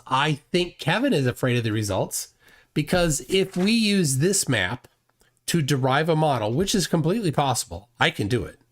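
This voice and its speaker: A man hosting a live stream, talking in a mocking, sarcastic way. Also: mid-range voice. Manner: mocking, sarcastic, acts out mock dialogues. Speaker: host.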